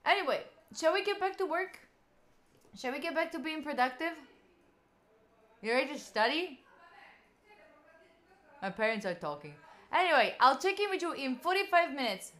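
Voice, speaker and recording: A woman's voice: high voice, big pitch swings, moderate pace, long pauses, a bit bright. A tired young Italian-accented woman in her twenties, a native Italian speaker, chatting casually with viewers during a study stream. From Italy. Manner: chatty, reads and answers viewer messages between tangents. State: tired, yawning. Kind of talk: casual live-stream chat.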